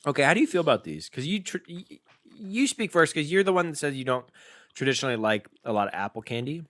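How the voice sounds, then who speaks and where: Male podcast co-host, bright and animated, teasing and quick to laugh. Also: on the high side. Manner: playful, teasing, laughs often. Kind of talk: casual snack-tasting chat.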